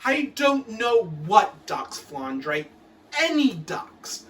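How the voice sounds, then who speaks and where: Theatrical woman reciting with a lively voice. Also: medium pitch, takes it slowly, far from the mic. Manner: mock-stern teacher's scolding, theatrical. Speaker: performer of a comic reenactment. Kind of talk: comic poem recital.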